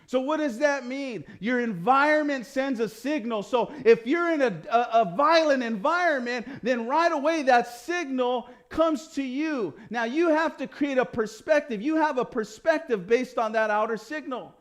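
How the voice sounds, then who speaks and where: A man teaching a personal development class, explaining ideas in a casual, animated way with everyday slang. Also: extremely high pitch, moderate pace, few pauses. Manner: animated storytelling with acted quotes and casual slang. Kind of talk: motivational lecture.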